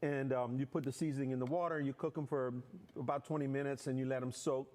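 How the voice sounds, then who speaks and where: A middle-aged man, a guest cook, explaining his cooking step by step in a relaxed, rambling way. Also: medium pitch, quick pace. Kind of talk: casual explanation.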